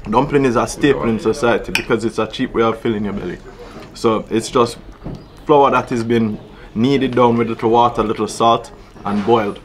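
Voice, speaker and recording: A Jamaican man casually explaining local dishes at a restaurant table, patient and relaxed, often saying "yeah, man". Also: medium pitch, moderate pace. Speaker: food vlog host. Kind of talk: casual food chat.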